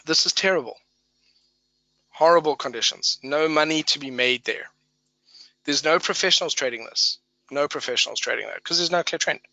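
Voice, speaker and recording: A man running a live trading webinar with a bright, forceful voice, recorded dry with almost no room echo. He talks through the charts casually, thinking aloud and hammering key words by repeating them. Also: fairly high pitch, dull audio. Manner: emphatic repetition of key words.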